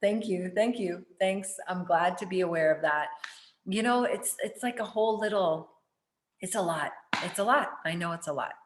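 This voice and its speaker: A woman's voice: lowish voice, normal speed, roomy sound, a little hiss or hum. A woman hosting a casual spiritual chat, rambling and chatty, with lots of fillers and casual swearing. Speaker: spiritual talk host.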